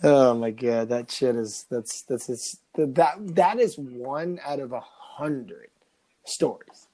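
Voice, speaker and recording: A man's voice: mid-range voice, slow pace, warm tone. A young man co-hosting a casual podcast, laughing often and stumbling over repeated words as he tells stories. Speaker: podcast co-host. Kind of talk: casual chat.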